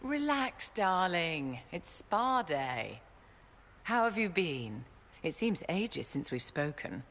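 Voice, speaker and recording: A woman's voice: fairly low pitch, very animated, slow, a bit bright, full character voice. An actress voicing an elegant, condescending noblewoman mage in a video game, speaking in a refined, silky, patronizing way.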